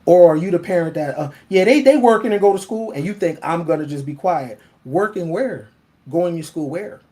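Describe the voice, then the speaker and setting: Male host, blunt and profane, animated casual monologue, laughs a lot. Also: fairly high pitch, moderate pace. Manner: laughs often.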